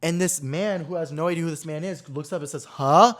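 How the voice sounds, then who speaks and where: This is a young man hosting a podcast, with a voice that sits a bit higher than most men's. He chats in a casual, animated storytime manner. He leans into the drama and fills his sentences with "like.". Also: fast talker. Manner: animated, dramatic retelling full of "like" fillers. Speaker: podcast host.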